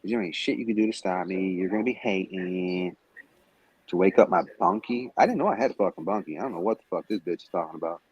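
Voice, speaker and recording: A man's voice: low voice, fast, darkish tone, husky, no echo, muffled recording. A man in a heated livestream rant, taunting and cursing at a rival, calling in remotely. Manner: profane, confrontational, taunting. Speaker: stream guest. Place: Las Vegas.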